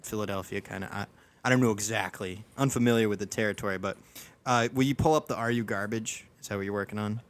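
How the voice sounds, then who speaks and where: A man's voice: on the low side, fast talker. Rambling man chatting casually. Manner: rambling, with many restarts and fillers. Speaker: podcast host. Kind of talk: casual chat.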